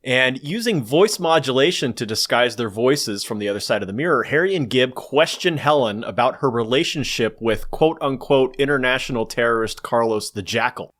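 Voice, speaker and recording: A man's voice: mid-range voice, expressive, normal speed, few pauses, a bit bright. A man in casual conversation, eagerly summarizing a film's scenes and acting out lines. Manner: enthusiastic, breaks into narrated quotes. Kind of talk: casual movie recap chat.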